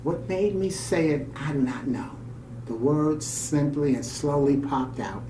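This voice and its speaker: A man's voice: on the high side, unhurried, slight background noise. A man co-hosting a show, reading a story aloud and adding his own reflective asides. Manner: warm, reflective delivery with off-the-cuff comments. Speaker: radio show co-host. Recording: roomy, distant mic, faint ambience.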